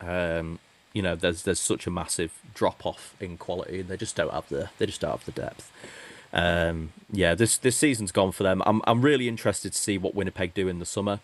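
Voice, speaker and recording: A man's voice: low-pitched, brisk. A man co-hosting a hockey podcast, talking casually and rambling with many restarts. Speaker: podcast co-host.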